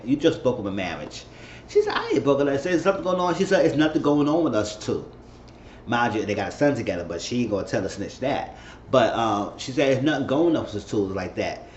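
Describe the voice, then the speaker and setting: A man giving a casual, animated recap of a TV episode, retelling scenes and acting out the characters' lines with laughs along the way. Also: medium pitch, slight background noise. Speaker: show recap vlogger. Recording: roomy dull home recording with faint ambience.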